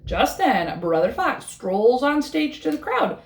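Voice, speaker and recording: A woman reading a bedtime story aloud with a rhythmic, expressive delivery. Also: high voice, measured pace, gravelly, echoey room.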